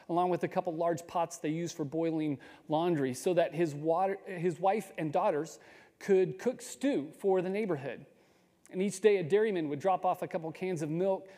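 A man telling a true story in a measured way, with small restarts and pauses. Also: fairly high pitch, mellow, long reverb tail. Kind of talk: storytelling talk.

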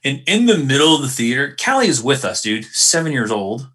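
Male podcast co-host, bright voice, animated slangy storyteller. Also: medium pitch, brisk, slightly rough. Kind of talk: casual chat.

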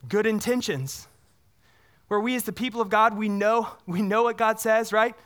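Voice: mid-range voice, moderate pace, fairly bright tone. An earnest pastor delivers a sermon in a mid-range voice. The preacher keeps asking the congregation questions and repeats words for emphasis.

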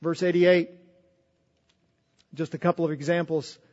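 A man's voice: on the high side, level tone, a little slow, darkish tone. A man preaching a sermon in an earnest way, often repeating words as he goes. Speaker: pastor. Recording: dull sound with long hall reverb.

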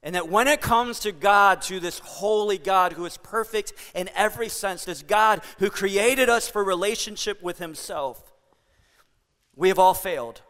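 High, bright-voiced male pastor preaching. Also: measured pace, long reverb tail. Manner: playful, joking with the congregation. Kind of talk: sermon. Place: church hall.

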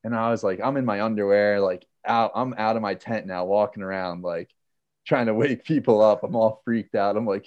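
Low-voiced guy telling a camping story, acts out the quotes, kinda muffled audio. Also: a little fast, no room sound. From Pennsylvania. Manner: animated, acts out quotes, many fillers. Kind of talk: casual storytelling.

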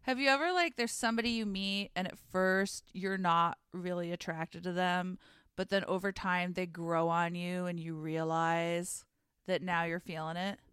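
Here a podcast co-host speaks in a lowish, fairly bright, clear and resonant voice with fairly even intonation, recorded dry in a clean studio. Her wrestling recap is casual and wry, and she's quick to laugh.

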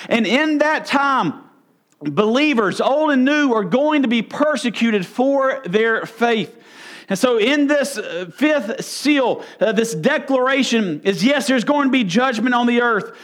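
A man preaching through a Bible passage, earnest and explanatory, with frequent fillers and throat clearing. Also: very high voice, fairly bright tone. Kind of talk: Bible teaching sermon.

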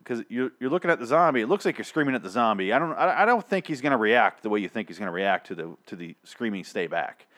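A man talks through a show recap in a loose, unscripted monologue. He rants with heavy profanity, piles on sarcastic asides, and stumbles through fillers and restarts, all in an average-pitched voice. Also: sing-song, fast, hardly any pauses, fairly bright tone. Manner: ranting, sarcastic, frequent swearing and fillers.

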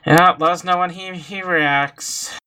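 A man's voice: high voice, fairly even intonation, slow, pushed and bright, smooth. A man playing a tabletop game, talking bluntly and swearing casually. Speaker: player. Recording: noisy background.

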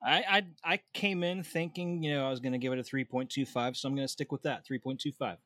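A man's voice: mid-range voice, fairly even intonation, quick pace, pushed and bright, no echo, clean studio sound. A man co-hosting a casual movie-review podcast, blunt and swearing casually. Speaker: podcast co-host.

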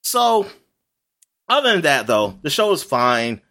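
Animated man rambling in casual chat. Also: on the high side, unhurried. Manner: animated, rambling, frequent fillers and laughs.

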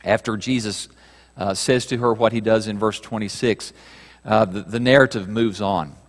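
A man preaching a sermon, reading scripture aloud and moving between raised passages and hushed ones. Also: on the low side, fairly even intonation, moderate pace. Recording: reverberant hall.

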